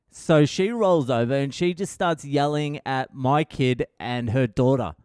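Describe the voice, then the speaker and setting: A man's voice: on the high side, animated, unhurried, darkish tone, no echo, clean studio sound. A middle-aged Australian man hosting a podcast, telling stories in a blunt, profane, rambling way. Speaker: podcast host. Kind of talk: casual storytelling monologue.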